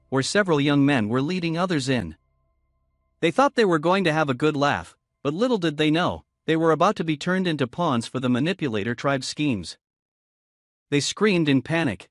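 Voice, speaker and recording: Lively male recap narrator over music. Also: on the high side, moderate pace, dry recording, clean studio sound. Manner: reads all characters in one steady narrating voice.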